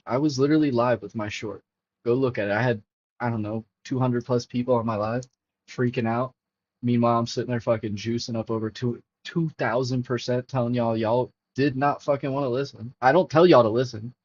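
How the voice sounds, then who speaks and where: A man hosting a crypto livestream, talking casually and excitably over charts and swearing freely to his chat. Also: medium pitch, brisk, a little hiss or hum. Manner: profane, excitable, talks to chat. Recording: dull lo-fi stream audio.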